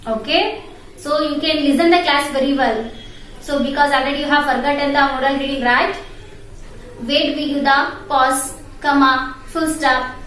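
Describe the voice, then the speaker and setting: A woman's voice: sits high, fairly bright tone. A woman with an Indian English accent teaching an online English class to young children, spelling each word letter by letter and repeating it. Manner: slow, spells words letter by letter and repeats them. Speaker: primary school English teacher. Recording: echoey room, distant mic, faint noise.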